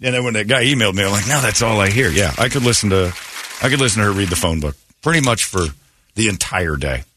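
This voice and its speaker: A man's voice: fairly low pitch, expressive, quick pace, bright, forceful tone, slight background noise. A man hosting a morning radio show, joking and rambling with his co-hosts and laughing often. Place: radio studio.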